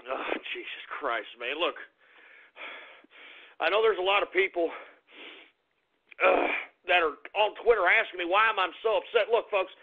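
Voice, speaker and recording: A man's voice: high voice, vocal fry, exaggerated voice. An actor playing a furious, paranoid male conspiracy radio host who sputters, swears and repeats himself on a comedy radio show. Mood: distraught. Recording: tinny phone-like radio audio.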